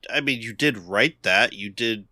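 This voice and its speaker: A young man co-hosting a casual podcast, speaking from the heart in halting, restarting sentences. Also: lowish voice, sharp tone, no room sound, studio quality. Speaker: podcast co-host.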